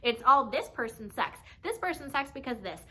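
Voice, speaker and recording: Bright-voiced woman gushing heartfelt praise. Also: sits high, sing-song, moderate pace. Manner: heartfelt, gushing, swears casually. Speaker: fan sending a tribute message. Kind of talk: emotional direct-to-camera tribute.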